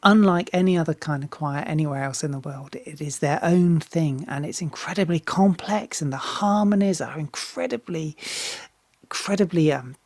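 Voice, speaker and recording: A woman's voice: sits low, normal speed, a little mellow, no room sound. A woman singer talking casually as she reacts to a music video, often restarting and repeating words, swearing freely and getting enthusiastic.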